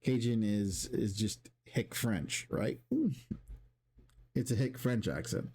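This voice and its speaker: Brief: male streamer, low mellow voice, rambling rant full of restarts and swearing. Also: takes it slowly, slightly rough. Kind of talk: casual rant to stream chat.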